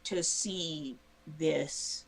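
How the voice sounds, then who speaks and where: A woman's voice: sits low, steady tone, drawn-out words, vocal fry, low-quality recording. A woman player in a tabletop game, describing her character's actions hesitantly.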